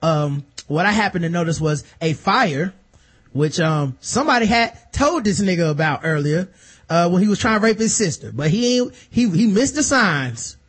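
A man with a high, husky voice, speaking at a moderate pace, co-hosts a podcast and casually recaps a TV episode. He's animated, acting out characters in exaggerated, funny voices and laughing.

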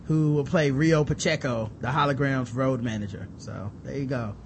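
A man co-hosting a casual talk show, animated and profane, acting out characters as he rants. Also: medium pitch, normal speed, slight background noise. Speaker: podcast co-host. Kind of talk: casual chat.

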